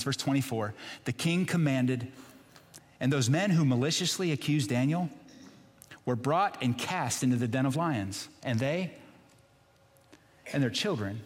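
A man's voice: medium pitch, big-room sound. A man preaching a sermon as pastor, retelling a scripture story in a casual, emphatic way.

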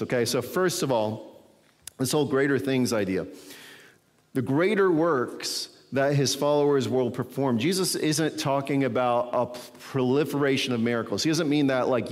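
A man's voice: mid-range voice, long reverb tail. A man preaching a sermon as a pastor, teaching from scripture in a conversational way and often checking in with his listeners.

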